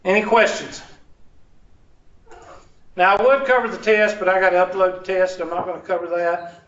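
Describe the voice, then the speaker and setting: A man's voice: sits high, steady tone, normal speed, a bit bright. A man teaching a math class, joking with students and asking them to finish his sentences. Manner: joking, asks the class to fill in words. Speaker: math instructor. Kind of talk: classroom lecture. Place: large classroom. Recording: echoey, dull, distant classroom recording.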